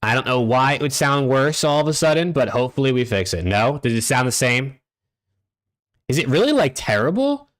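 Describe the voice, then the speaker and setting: A laid-back American male streamer hosts a watch party and chats casually on a desk streaming mic, cursing freely, addressing his chat and reading usernames aloud. His voice sits at a medium pitch and moves fairly quickly.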